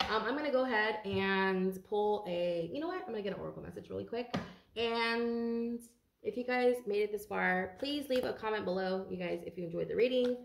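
A woman's voice: mid-range voice, brisk, gravelly, roomy sound, a little hiss or hum. A tired woman doing a casual tarot reading for viewers, chatty and rambling and swearing freely. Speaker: tarot card reader.

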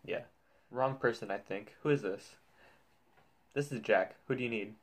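A man's voice: medium pitch, moderate pace. A man hosting his channel, reading funny texts aloud in casual reaction commentary, joking and swearing as he goes. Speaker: youtuber.

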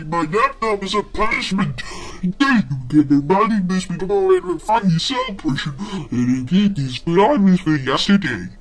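A man voicing a short-tempered boy in a cartoon who rants and complains about web shows with a sneering manner. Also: sits high. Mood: outraged. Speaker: ranting character.

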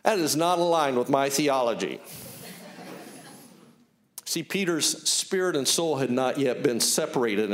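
A male pastor preaching an animated sermon, telling personal stories and acting out the dialogue he retells. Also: mid-range voice. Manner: earnest, personal testimony.

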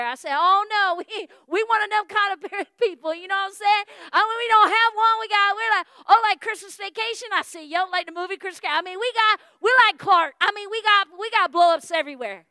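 A woman pastor, telling a story in a sermon with folksy, animated delivery and acted-out dialogue. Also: very high voice, fast, few pauses, dry recording, studio quality. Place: church.

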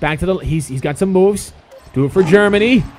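A young man calls his own basketball game in a high, excitable voice, breaking into shouts and curses at his players. Faint music plays under him. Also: brisk. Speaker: gaming host. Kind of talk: gameplay commentary.

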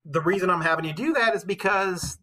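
A male teacher reading a novel aloud with expressive storytelling, pausing to comment for his class. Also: high-pitched, poor audio.

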